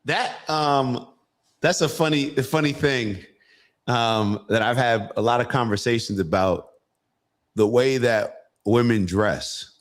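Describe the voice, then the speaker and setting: A man's voice: medium pitch, takes it slowly. Rambling male podcast host. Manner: rambling, thinking aloud with many fillers. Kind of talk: casual political chat.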